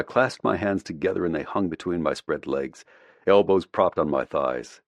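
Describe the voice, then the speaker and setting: A man narrating a first-person audiobook in a measured, reflective way, close to the mic. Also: low voice, dry recording.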